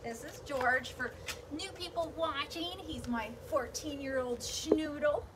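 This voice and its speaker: A woman's voice: high voice, measured pace. A young woman chatting casually on a live stream while painting, mocking herself and talking to her dog and her viewers. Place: outdoors at home. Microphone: handheld phone camera. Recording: faint background noise.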